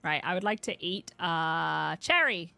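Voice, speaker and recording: A woman from Northern Ireland with a Northern Irish accent, a game streamer chatting casually with her chat, self-mocking and quick to laugh. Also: lowish voice, animated, gravelly, bright, forceful tone, no room sound. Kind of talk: casual live-stream chat while playing.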